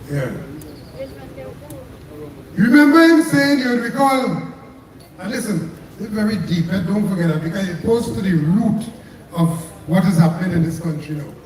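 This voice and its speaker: A man's voice: sits high, a little mellow. A man with a Trinidadian accent, a trade union president giving a fiery May Day speech at an outdoor street rally, repeating his slogans. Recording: echoey PA from far off with crowd.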